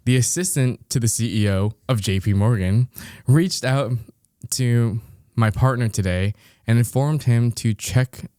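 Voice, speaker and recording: With a mellow, mid-range voice and no echo, a young podcast co-host reads a listener's story aloud, breaking in with dry, amused remarks and frequent laughs.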